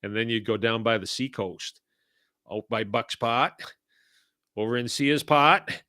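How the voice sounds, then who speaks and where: An older man from Massachusetts talks casually on a podcast, folksy and blunt, chuckling through his stories. His voice sits at an ordinary middle pitch. The recording is dry and close, with no room sound. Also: a little slow, pushed and bright, dry recording. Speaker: podcast host. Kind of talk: casual podcast talk reading listener comments.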